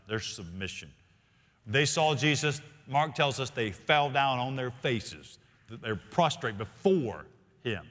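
A male senior pastor preaching a sermon in a church, earnest, often slowing and dropping to quiet emphasis. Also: mid-range voice. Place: church sanctuary. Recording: long reverb of a large hall.

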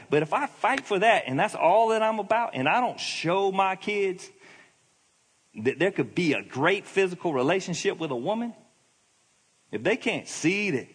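A man's voice: high voice, very animated, moderate pace, husky. A middle-aged male pastor giving a sermon, in a conversational, emphatic preaching manner. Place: church hall. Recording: long hall reverb.

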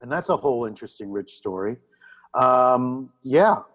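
A man's voice: medium pitch, animated, normal speed, fairly bright tone, muffled recording. A man co-hosting a casual chat, rambling through a recap with some swearing. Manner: rambling, chatty, profane. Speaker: podcast co-host.

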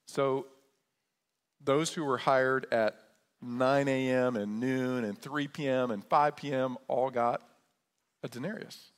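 A man's voice: mid-range voice, steady tone, slow pace. A man, a pastor, preaching a sermon in a conversational way, often checking in with his listeners. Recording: long church reverb.

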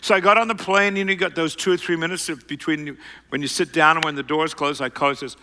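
A middle-aged man telling a self-mocking personal story to an audience, rambling and animated. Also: on the high side, fast talker, big-room sound.

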